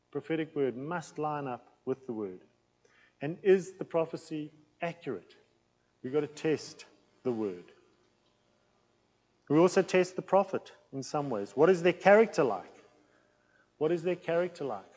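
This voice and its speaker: A man preaching a teaching sermon in a plain, loud, conversational way, with an accent that he says can sound aggressive. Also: fairly high pitch, big-room sound, rough recording. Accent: non-local accent in England. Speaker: pastor teaching a series.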